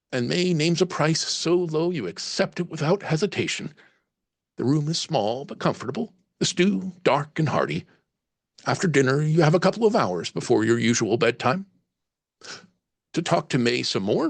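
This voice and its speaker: A man's voice: on the high side, sing-song, moderate pace, creaky, no room sound. A man narrating a solo tabletop horror game as game master, reading passages aloud and musing over the choices. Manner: reads aloud, then muses on choices.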